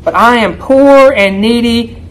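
A man's voice: unhurried, low-quality recording. Emphatic male preacher, rising and dropping. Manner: emphatic, often asks "right?" of listeners; swings between raised pleading and low quiet asides. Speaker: elder preaching. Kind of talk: expository sermon.

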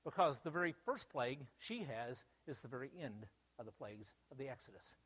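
A man's voice: mid-range voice, lively intonation, fairly quick, a bit bright, breathy edge, long reverb tail. A man preaching a sermon, emphatic and full of rhetorical questions.

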